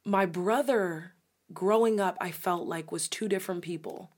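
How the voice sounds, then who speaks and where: Young woman, casual podcast chat, expressive, candid, curses now and then. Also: fairly low pitch, normal speed.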